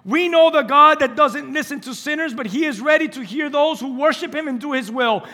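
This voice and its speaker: A man voicing a newly healed blind man who is exasperated and eager, exclaiming in a high, strained voice. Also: brisk, pushed and bright, in a large hall.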